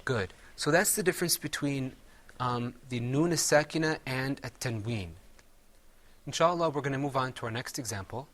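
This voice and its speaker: In a Quran recitation lesson, a male teacher patiently questions students and works through words at a slow pace with them. His mid-range voice has a slightly bright quality.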